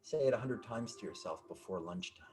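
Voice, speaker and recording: A man's voice: lowish voice, animated, a little fast, a little mellow. A man coaching in casual conversation, speaking in emphatic, repetitive affirmations over a video call. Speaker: life coach.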